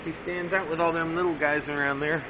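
A man's voice: a little high, steady tone, brisk, a crowd in the background. A man casually narrating a zoo visit for a live stream, joking playfully about the animals as he walks along. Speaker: vlogger filming a zoo visit. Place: zoo reptile house. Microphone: phone camera. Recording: echoey, muffled phone stream with noise.

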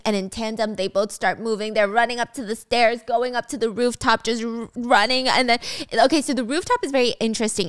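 A woman's voice: fairly high pitch, clean tone, no echo, clean studio sound. A young woman hosting a storytime podcast, narrating a dramatic story with casual, wry asides.

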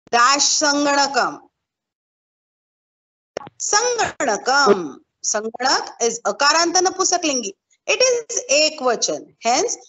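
A woman's voice: sits high, fairly bright tone. A woman teacher with an Indian English accent, patiently walking her class through answers step by step and repeating them. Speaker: school teacher. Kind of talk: online class lesson.

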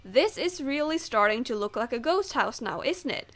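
A woman who is not a native English speaker gives casual commentary while playing a game. Her voice is high, and her talk is chatty and self-deprecating. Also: sing-song, normal speed, a bit bright. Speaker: gamer.

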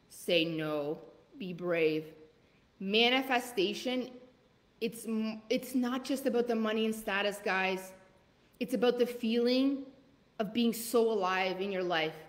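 A woman coach giving a live motivational masterclass, urging listeners on with rapid-fire repeated commands. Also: a little high, a bit bright, long reverb tail. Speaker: leadership coach.

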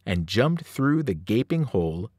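A man, a teacher, reading a novel aloud with expressive storytelling. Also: fairly low pitch, unhurried, slightly rough, no room sound, studio quality.

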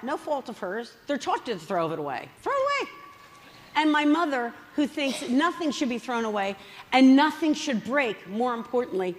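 A middle-aged woman telling funny family stories as an author on a festival stage, chatty and animated. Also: on the high side, long reverb tail. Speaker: author speaking at a book festival. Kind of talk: humorous storytelling talk. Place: large festival hall.

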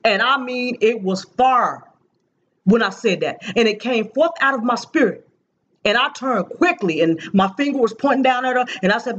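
A woman's voice: on the high side, lively intonation, moderate pace, fairly bright tone, highs cut off. A woman preaching, earnestly recounting a prophetic dream and repeating key phrases for emphasis.

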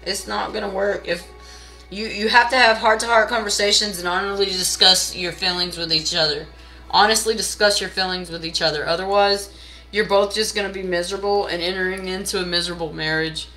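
A woman's voice: steady tone, brisk, bright, forceful tone, soft background music, rough recording. A woman doing a casual live tarot reading, blunt and profane, scolding viewers and pushing sales. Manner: pushy sales pitch.

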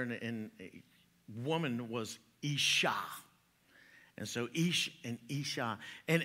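A man's voice: mid-range voice, bright, forceful tone. A man preaching a sermon in a church, joking in a folksy way and chuckling at his own jokes. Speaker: pastor. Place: church sanctuary.

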